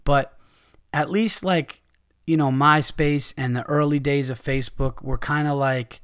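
Middle-aged guy ranting and cursing on his podcast, kinda high voice, gets loud. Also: steady tone, measured pace, smooth. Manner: profane, ranting, loud outbursts. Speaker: podcast host, comedian. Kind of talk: angry rant, solo podcast.

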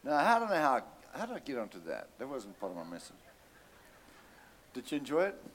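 A man's voice: mid-range voice, wildly swooping pitch, a little fast, a little hiss or hum. A man preaching a sermon, telling a story animatedly and calling out to his congregation.

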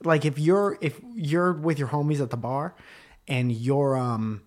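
On his podcast, a young comic co-host tells stories in a playful, foul-mouthed, animated way during relaxed conversation. His voice runs on the high side and he speaks slightly slowly.

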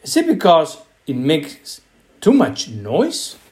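A man voicing a cheerful father gently coaxing his son in a storybook reading, asking playful questions. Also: fairly high pitch, huge pitch swings, slow, heavily acted.

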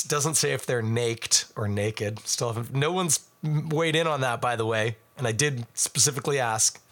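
A man's voice: medium pitch, sharp tone. A man giving a casual, rambling beer tasting review full of asides.

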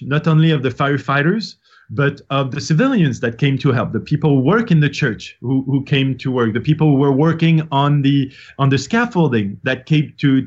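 A man with a French accent, a guest on an interview show, telling a long story with many fillers and restarts. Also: mid-range voice. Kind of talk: casual interview talk. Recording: slightly muffled audio.

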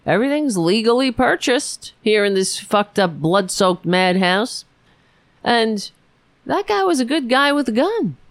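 A woman's voice: a little high, very animated, measured pace, no echo. A woman hosting a political podcast, ranting alone in an angry, sarcastic, profane way with many restarts. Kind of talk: ranting solo commentary.

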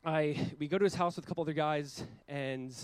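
A man in his thirties preaching a sermon as a pastor, earnest, with loud emphatic peaks and quiet, slowed passages. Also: a little high, clear, resonant tone, no echo, rough recording.

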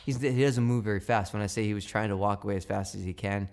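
A man co-hosting a podcast, chatting casually and telling a story in an animated way, acting out what others said and laughing often. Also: on the low side, fast talker. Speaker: podcast co-host and professor. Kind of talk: casual chat.

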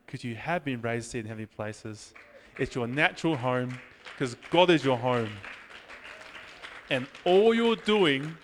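Conversational preacher man, fairly high voice. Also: a bit bright. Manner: conversational, self-deprecating, builds to prayer. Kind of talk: sermon with personal storytelling.

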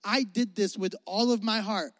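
A man, a youth pastor, preaching earnestly to students, repeating key phrases and swinging from loud emphasis to hushed, intimate lines. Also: high-pitched, normal speed. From Mississippi. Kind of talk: youth sermon. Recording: dry sound with a long hall reverb.

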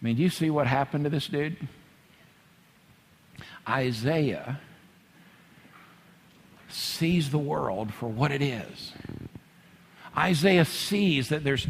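A man preaching, his voice sitting a little on the high side. He drops to hushed intensity and then climbs to loud, excited bursts. His words ring out with a long reverb, like a big church hall. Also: slow pace, creaky, long pauses, husky. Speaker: pastor. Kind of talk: sermon.

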